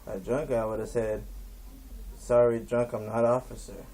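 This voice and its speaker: A man's voice: medium pitch, level tone, normal speed, dark tone. A man telling a rambling stand-up story in a laid-back stoner drawl, acting out his friends and a cop. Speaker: stand-up comedian.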